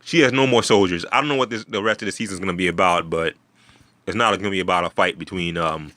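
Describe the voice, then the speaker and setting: A man with a deep voice and a forceful, bright edge talks through a TV episode. He rambles, restarts sentences and swears casually. The recording is dry, with no room sound. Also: fast talker, no room sound. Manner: rambling, many fillers and restarts, swears freely. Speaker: video host.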